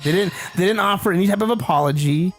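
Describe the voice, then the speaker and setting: A man's voice: high-pitched, fast talker, soft background music. A man co-hosting a casual podcast, ranting with heated, swearing outbursts. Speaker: podcast co-host.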